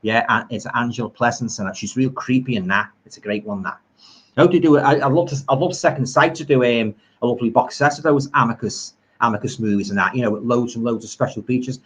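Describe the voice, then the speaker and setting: A horror film streamer, a middle-aged Liverpudlian, rambles enthusiastically about old films and reads viewer comments on a live stream from home, full of homely turns of phrase. His mid-range voice moves fast, with a fairly bright tone and a breathy edge.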